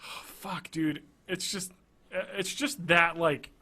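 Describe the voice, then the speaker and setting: A man in his thirties rambles through a casual podcast chat, laughing often and swearing freely. His voice sits a little high and sounds bright and forward. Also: steady tone, takes it slowly. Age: 30s. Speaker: podcast co-host.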